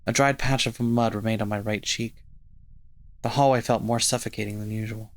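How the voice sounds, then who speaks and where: A man hosting a let's play, reading visual novel narration aloud in a steady first-person voice. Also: on the low side, moderate pace.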